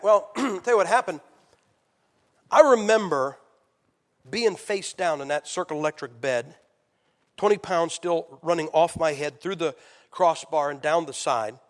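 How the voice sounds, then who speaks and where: A man's voice: on the high side, animated, moderate pace. A middle-aged man preaching, an evangelist telling his own story in a conversational, emotional and direct way. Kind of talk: sermon testimony.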